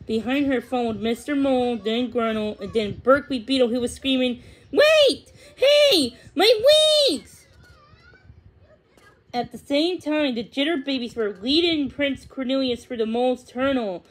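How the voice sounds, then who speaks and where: A woman narrating a storybook read-aloud in a measured, expressive way. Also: a little high, poor audio. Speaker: reader.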